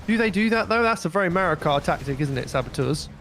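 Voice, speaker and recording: A man co-casting a strategy game tournament, talking in a relaxed, somewhat hesitant way and laughing along. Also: a little high, fast. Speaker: co-caster. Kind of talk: casual esports commentary.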